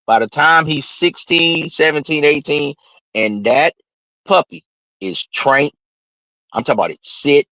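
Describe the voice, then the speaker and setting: A man's voice: mid-range voice, no room sound, poor audio. A man with a slightly nasal voice, hosting a livestream and ranting unscripted in a brash, preachy way. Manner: brash, preachy, swings from loud to muttered asides. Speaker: livestream host.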